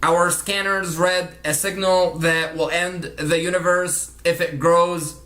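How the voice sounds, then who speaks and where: A man's voice: high-pitched, level tone, slow, bright, forceful tone, roomy sound, exaggerated voice. A man putting on the voice of solemn aliens addressing humans. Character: solemn alien visitors, announcing doom.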